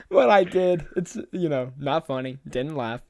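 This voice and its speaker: A man's voice: fairly high pitch, animated, a little slow, a little mellow, a little hiss or hum. A young man on a podcast, casually rambling through a story and laughing often as he talks. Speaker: podcast co-host.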